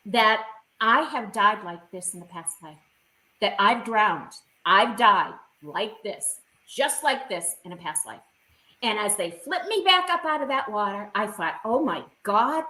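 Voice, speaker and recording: A woman's voice: mid-range voice, big pitch swings, slow pace, bright, forceful tone, reverberant, low-quality recording. A woman guest on a video call, recounting a personal experience in vivid, emotional detail.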